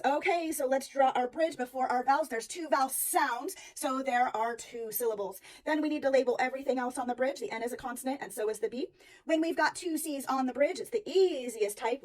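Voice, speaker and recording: High-voiced teacher explaining briskly. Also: female voice, recorded from a distance. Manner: brisk, walks through steps aloud. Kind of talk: classroom phonics lesson.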